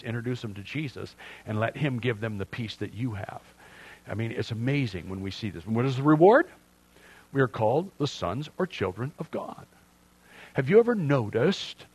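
Animated older male pastor preaching. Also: fairly low pitch, breathy edge. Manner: conversational and animated, swings from soft asides to loud emphatic preaching. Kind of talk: sermon.

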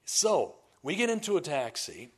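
A man preaching from the pulpit and telling stories to his congregation. His delivery is animated and conversational, full of asides and restarted sentences. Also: a little high, moderate pace, breathy edge. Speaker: pastor. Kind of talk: sermon storytelling.

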